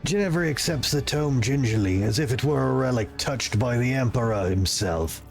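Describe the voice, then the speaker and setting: A man streaming a game playthrough, reading the game's text aloud and adding casual, halting asides. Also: medium pitch, expressive, gravelly, soft background music.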